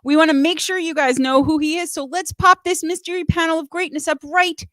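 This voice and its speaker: A woman's voice: very high voice, steady tone, a little fast, fairly bright tone, no echo. A woman hosting a live music show, bubbly and playful, laughing often. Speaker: host.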